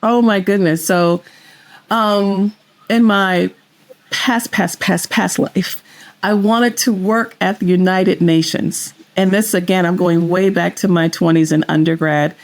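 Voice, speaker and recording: A woman's voice: lowish voice, unhurried. Enthusiastic woman guest telling stories. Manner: enthusiastic, expressive storyteller. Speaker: guest investor. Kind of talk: podcast interview.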